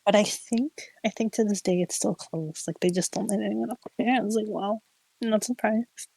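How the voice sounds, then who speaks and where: A young woman streamer casually telling a ghost story, animated and giggly, full of "like" fillers. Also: medium pitch, normal speed, vocal fry, husky, dry recording, rough recording. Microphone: streaming mic.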